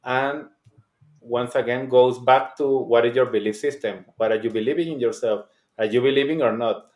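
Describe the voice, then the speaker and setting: A man's voice: medium pitch, steady tone, normal speed, darkish tone. Encouraging male host in a roomy space. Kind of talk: conversational interview.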